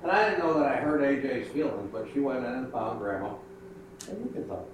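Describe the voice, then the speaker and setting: A man's voice: mid-range voice, lively intonation, a little fast. Folksy older man preaching. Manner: folksy storytelling. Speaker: pastor. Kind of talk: children's sermon. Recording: echoey room, mic far off, noisy.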